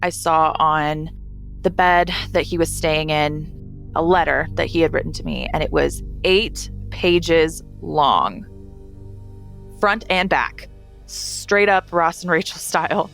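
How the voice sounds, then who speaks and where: Low-voiced young woman, blunt and candid. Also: slow, vocal fry, fairly bright tone, faint music behind. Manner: blunt, frank, swears freely. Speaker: guest telling her own story. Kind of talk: candid first-person storytelling.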